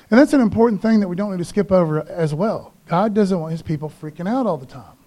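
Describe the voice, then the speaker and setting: A man preaching a sermon in church, casual and animated, often calling listeners "man.". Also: sits high, quick pace, few pauses.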